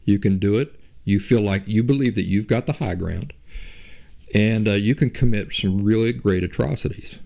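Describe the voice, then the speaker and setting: A low-pitched man with a gravelly edge and a mellow, dark tone. He hosts a podcast and makes his case in a loose, rambling monologue, full of rhetorical questions. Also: moderate pace. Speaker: podcast host. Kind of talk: casual monologue.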